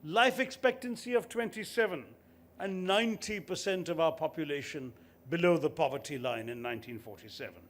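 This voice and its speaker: A man in his sixties delivers a formal convocation address, building his points with emphatic lists. His pitch sits fairly high. He speaks with polished, rhetorical command. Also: fairly quick, fairly bright tone. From India. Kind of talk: formal ceremonial speech.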